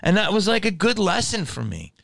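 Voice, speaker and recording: A man hosting a podcast, telling a story in an animated, profane way and acting out both sides of a quarrel. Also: high voice, brisk, gravelly, dry recording. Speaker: podcast host. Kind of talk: comedic storytelling.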